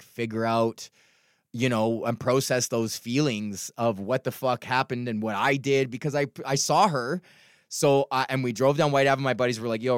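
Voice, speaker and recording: A man's voice: mid-range voice, smooth, no echo. Profane, rambling young man, dry close sound. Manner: frank, profane, halting with many restarts. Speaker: podcast host. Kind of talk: casual rambling monologue.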